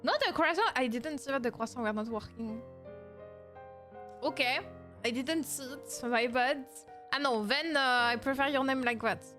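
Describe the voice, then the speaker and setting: A playful French woman streamer with a bright, high voice chats casually with her viewers. Her English carries a clear French accent and slips into French words. Faint music plays underneath. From France. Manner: playful, mixes in French words, laughs often. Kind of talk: casual live stream chat.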